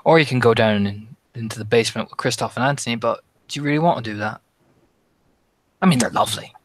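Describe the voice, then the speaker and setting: A man's voice: mid-range voice, fast, no room sound, natural voice. A man voicing a scheming tattooed monster hunter in a tabletop game, coaxing and calling everyone love. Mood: offhand. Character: scheming tattooed man hunting an unseen creature.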